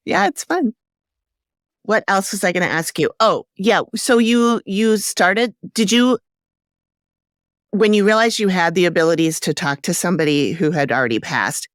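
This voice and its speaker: A woman hosting a podcast interview, laughing often and asking loose, halting questions. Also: medium pitch, lively intonation, dry recording, clean studio sound. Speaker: podcast host. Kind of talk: casual interview chat.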